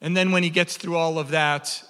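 A man preaching a sermon, impassioned and animated, often repeating words as he builds up. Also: fairly high pitch, normal speed, smooth, in a large hall.

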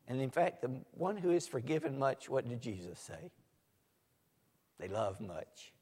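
A man preaching a sermon, swinging from soft asides to loud, emphatic lines. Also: mid-range voice, very animated, measured pace, slightly rough. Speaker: pastor. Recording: echoey hall.

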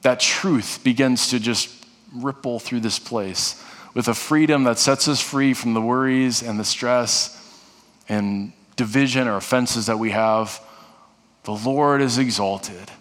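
A man's voice: medium pitch, measured pace, a bit bright. Man preaching in an echoing hall. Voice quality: earnest, repeats and restarts phrases. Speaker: pastor. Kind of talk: sermon. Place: church sanctuary. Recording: long reverb of a large hall.

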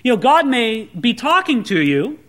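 A man's voice: very high-pitched, moderate pace. A male pastor preaching a sermon, telling Bible stories and acting out the people in them. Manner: animated storytelling preacher, acts out voices.

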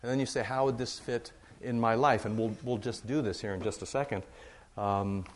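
A man's voice: medium pitch, fairly even intonation, normal speed, a little hiss or hum. A middle-aged man, a pastor, giving church announcements and leading a Bible study in a rambling, good-humored way. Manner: chatty, warm-humored, rambling with fillers.

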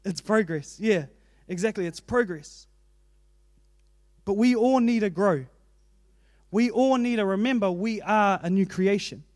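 A man delivers an earnest, conversational sermon, speaking in a fairly high register. His delivery is plain and personal, with asides from his own life. The sound is dry and close, with no room echo. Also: a little mellow. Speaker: preacher.

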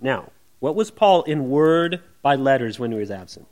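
This pastor's voice is animated and moves at a moderate pace as he preaches an expository sermon, working through the text verse by verse. His tone is conversational, he often questions the listeners, and he performs quoted voices with dramatic changes in pitch and volume.

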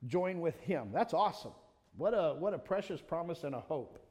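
A man preaching a sermon, animated, calling on members of the congregation by name and quoting scripture. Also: a little high, moderate pace. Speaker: pastor. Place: church. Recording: long reverb of a church hall.

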